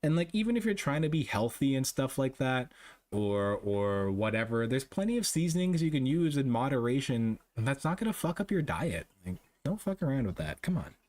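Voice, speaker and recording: A man holds a loose, casual chat with his viewers. He rants freely and swears constantly, breaking into laughter often. His voice sits at an everyday middle pitch. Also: sing-song, fairly quick, a little mellow. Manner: profane, ranting, laughs often. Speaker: streamer chatting with viewers.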